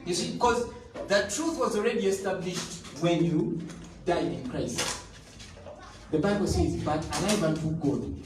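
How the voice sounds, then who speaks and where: A man's voice: sits high, lively intonation, measured pace, distant mic. A man preaching a sermon, emphatic and repetitive, now and then breaking into tongues or sung phrases. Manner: emphatic, repeats key phrases, bursts into tongues and sung lines. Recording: echoey room, voice somewhat off the mic, faint noise.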